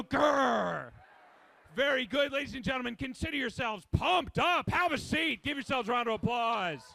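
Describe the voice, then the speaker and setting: A man warming up a live event crowd, energetic and calling out commands. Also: very high-pitched, creaky. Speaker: crowd warm-up host.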